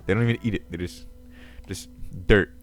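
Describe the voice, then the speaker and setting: A man's voice: fairly low pitch, normal speed, soft background music, natural voice. A man playing a pompous goblin king. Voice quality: crackly voice. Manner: pompous, rambling, self-assured. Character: self-important ancient male goblin king. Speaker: video host. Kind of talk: character comedy Q&A.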